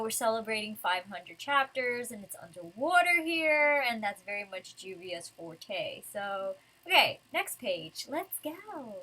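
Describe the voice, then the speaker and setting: A woman with a fairly high voice walks through a manga chapter in a casual, rambling way. She giggles, trails off and fills gaps with ums. It sounds like a fan chatting to her viewers at home. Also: pushed and bright, husky, poor audio. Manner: rambling, giggly, full of fillers. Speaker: manga reviewer.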